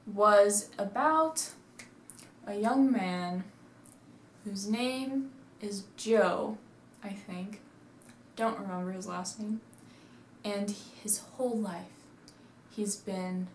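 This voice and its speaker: In a mid-range voice, a woman chats about a movie from her seat indoors at home, rambling through the plot with frequent "like." The recording is echoey and carries a slight hiss or hum.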